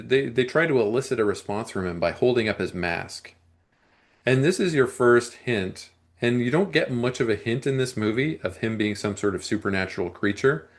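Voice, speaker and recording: A man co-hosting a movie review podcast, talking casually and at length, often clearing his throat and restarting his sentences. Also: mid-range voice.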